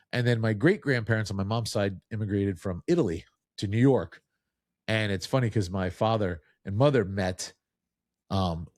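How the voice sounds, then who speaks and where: Chatty low-voiced New host. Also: male voice, a little mellow, dry recording, studio quality. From New Jersey. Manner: chatty, joking, storytelling. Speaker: podcast host. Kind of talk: casual interview chat.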